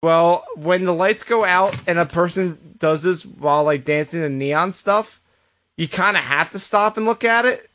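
A man's voice: high-pitched, moderate pace, a bit bright. A man co-hosting a podcast, recapping wrestling shows in casual chat and storytelling with quoted asides and frequent restarts. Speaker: podcast co-host.

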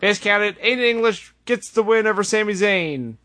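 A man hosting a casual podcast, recapping events in an animated, sarcastic way. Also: sits high, moderate pace. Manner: animated, sarcastic retelling with put-on voices. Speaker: podcast host. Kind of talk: casual wrestling recap chat.

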